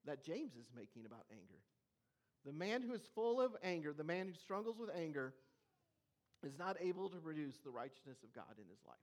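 Earnest preacher with slow, weighty emphasis. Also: mid-range voice. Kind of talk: sermon.

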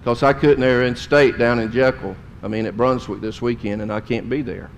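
A man's voice: medium pitch, fairly even intonation, a little fast, slight background noise. Folksy middle-aged preacher man. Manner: folksy, emotional storytelling with drawled Southern phrases. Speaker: pastor. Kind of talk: sermon storytelling.

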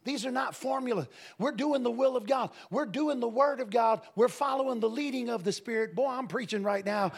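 A man preaching a sermon to a congregation, telling stories emphatically and breaking into shouts and laughter. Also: very high-pitched, fairly quick, gravelly, few pauses. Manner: emphatic, swings into shouting and laughter, lively storytelling. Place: church service with a congregation.

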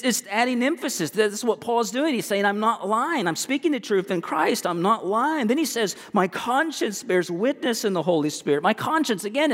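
A man preaching a sermon as pastor, earnest and halting, repeating words as he goes. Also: high voice, fairly bright tone, long reverb tail. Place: church.

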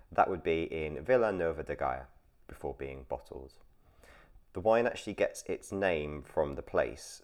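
A chatty man hosts a casual trivia podcast. His voice sits very low, and he explains things at length with easy laughter. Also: a little mellow. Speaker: podcast host.

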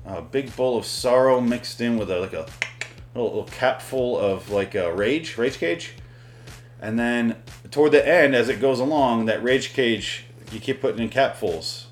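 A man's voice: mid-range voice, moderate pace, faint music behind. A man hosting a podcast, rambling and swearing as he casually reviews a movie. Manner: rambling, profane, joking. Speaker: podcast host.

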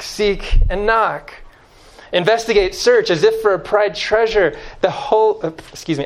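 A man with a voice on the high side preaches an emphatic sermon, repeating key phrases and swinging between loud stresses and hushed lines.

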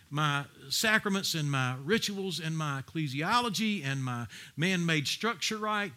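A man's voice: a little high, sharp tone. A man preaching a sermon, asking the congregation pointed questions and reading Bible verses aloud. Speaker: pastor.

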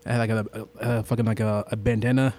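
A man chatting casually, mostly giving short relaxed replies and telling a childhood story. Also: lowish voice, fast. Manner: laid-back, short agreeing replies. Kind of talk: casual chat.

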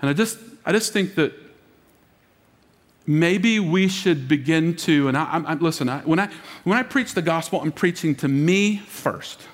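A man preaching as lead pastor, dramatic, dropping to a hush for emphasis and acting out quoted voices. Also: on the high side, moderate pace. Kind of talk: sermon. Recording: long reverb of a large hall.

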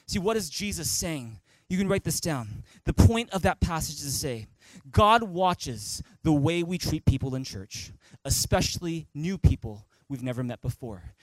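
A man's voice: fairly high pitch, animated, moderate pace, no room sound, low-quality recording. A male pastor preaching a sermon at a church service, emphatic and repeating key phrases, leading the congregation in reading aloud. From Canada.

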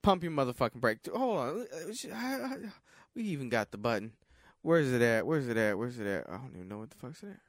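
A co-host runs a casual chat, joking and swearing. The voice sits mid-range with lively intonation. The sound is dry and close. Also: medium pitch, fast, no echo. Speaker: podcast co-host.

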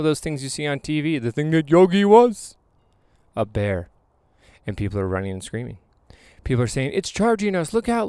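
Emphatic man telling stories, smooth voice. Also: on the low side, no echo. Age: late 20s to 30s. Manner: emphatic, animated storytelling with dramatic pauses. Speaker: photographer and hypnotherapist. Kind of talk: motivational storytelling monologue.

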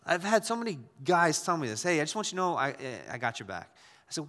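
A man's voice: a little high, sing-song, quick pace, a bit bright, big-room sound. A man preaching a sermon as a pastor, talking conversationally with frequent restarts and repeated words.

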